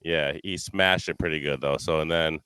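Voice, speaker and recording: Man, deep voice, smooth, animated storytelling, dry sound. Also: normal speed, no room sound. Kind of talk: casual storytelling.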